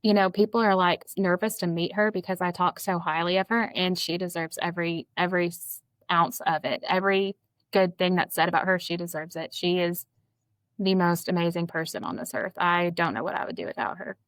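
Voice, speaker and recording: A woman's voice: lowish voice, steady tone, fairly quick, no echo. A woman guest in a casual interview, talking effusively and fondly about her friends. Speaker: guest, paranormal investigator.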